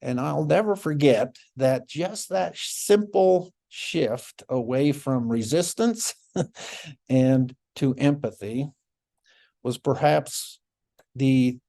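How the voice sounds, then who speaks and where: A middle-aged man, a former child welfare caseworker, telling stories in a conference talk, reflective, with soft laughs and restarts. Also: medium pitch, takes it slowly, vocal fry.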